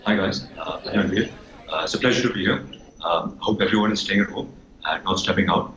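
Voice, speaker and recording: A man impersonating a relaxed young male film star, speaking low and softly with many fillers. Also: a little fast, roomy sound, lo-fi sound, a little hiss or hum. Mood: easygoing.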